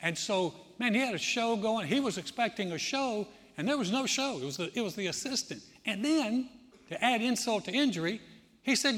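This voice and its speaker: A man preaching a sermon as pastor, telling stories with lively acted-out quotes. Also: sits high, brisk, big-room sound. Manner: animated storytelling, acting out quoted voices.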